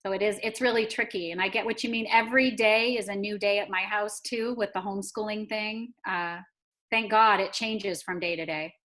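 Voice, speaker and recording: A woman at a middle pitch speaking on a video call with colleagues. She tells a story in an easy conversational way and voices the quoted lines as she goes. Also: fairly even intonation, normal speed, bright, forceful tone. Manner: storytelling, acting out quoted speech. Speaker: school staff member. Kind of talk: casual video-call chat.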